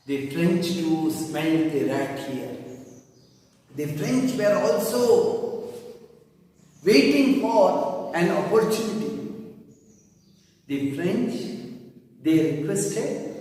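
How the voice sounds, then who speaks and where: Man teaching history in an echoey room. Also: sits high. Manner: animated storytelling, stresses key names. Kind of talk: classroom history lesson. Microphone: distant microphone. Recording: echoey room, far from the mic.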